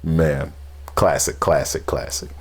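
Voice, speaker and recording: A man hosting a casual music reaction, animated, laughing and humming beats between his comments. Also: rumbling low, slow, breathy edge. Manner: animated, laughs often, hums beats and sings along. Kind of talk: casual music review chat.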